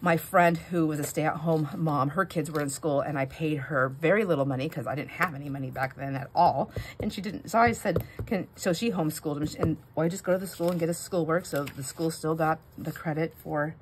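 A woman's voice: low-pitched, brisk, background noise. A middle-aged woman hosting a crafting vlog, telling family stories in a rambling, self-interrupting way while she stamps. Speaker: crafting channel host. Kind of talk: casual chat while stamping.

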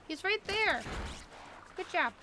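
A woman's voice: very high-pitched, noisy background. A woman streamer chatting and rambling casually as she plays a video game. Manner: rambling, chatty, thinking aloud. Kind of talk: casual chat while playing a video game.

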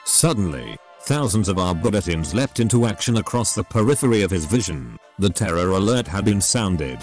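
Brief: synthetic male narrator, low-pitched, lively pitch swings, reads scripted story narration. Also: moderate pace, faint music behind. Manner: steady machine-read delivery. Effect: synthetic text-to-speech voice.

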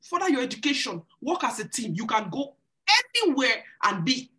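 A woman's voice: a little high, big pitch swings, moderate pace, pushed and bright. A woman hosting a live church singles Q&A, giving marriage and courtship advice in an earnest, preacherly way, repeating phrases for emphasis. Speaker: church singles ministry host. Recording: live stream.

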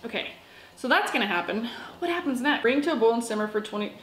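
A woman's voice: a little high, expressive, fast talker, roomy sound, slight background noise, low-quality recording. A woman from the United States, chatty and goofy, talking to herself while she cooks in her home kitchen for a vlog. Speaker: vlogger. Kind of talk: casual cooking vlog.

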